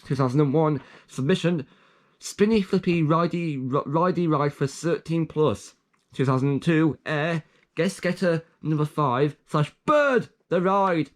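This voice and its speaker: A young man, a little high-pitched for a man, reads through his own joke documents in a loose, rambling way. He keeps trailing off into muttered asides and making self-aware quips about his own jokes. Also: unhurried. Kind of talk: casual commentary.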